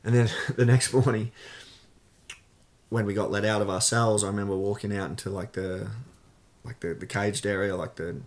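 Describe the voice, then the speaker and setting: A man with a low-pitched Australian voice recounts his experiences as a podcast guest. He talks candidly and rambles a little, leaning on fillers like "like" and "you know" as he goes. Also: fairly even intonation, normal speed. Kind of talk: casual storytelling interview.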